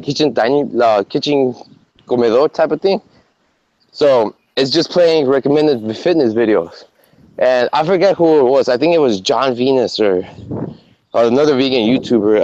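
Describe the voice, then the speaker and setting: A man on a podcast telling stories in casual chat, animated and swearing a lot. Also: medium pitch. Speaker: podcast co-host. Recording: muffled lo-fi recording with faint noise.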